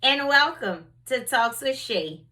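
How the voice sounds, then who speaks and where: A woman hosts her own faith talk show, reading scripture and sharing everyday stories conversationally, saying "you know" a lot. Her voice sits high, is expressive, pushed and bright, and she takes her time.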